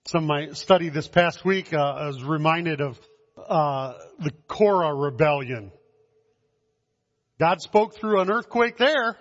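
A man preaching a communion sermon, slow and measured, with dramatic pauses and soft drops in his voice. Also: fairly high pitch. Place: church hall. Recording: dull sound in a long-echoing hall.

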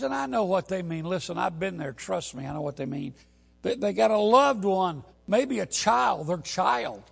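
Gravelly-voiced man preaching a sermon. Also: high-pitched. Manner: storytelling, building to loud emphatic peaks.

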